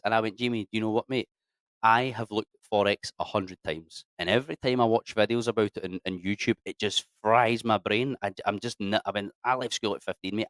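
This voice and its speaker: A fairly low-pitched, fairly bright voice belongs to a man in his thirties, an ex-soldier recounting his story in a casual interview in a dry recording. He's blunt and sweary, says mate and lads, and clears his throat a lot.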